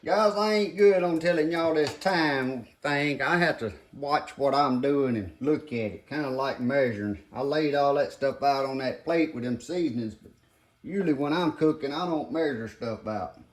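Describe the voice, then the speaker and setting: An older home cook with a mid-range voice talks at normal speed, giving a casual cooking demonstration in his home kitchen. He's folksy, calling his viewers "guys" as he works, while pots clatter and something sizzles faintly behind him.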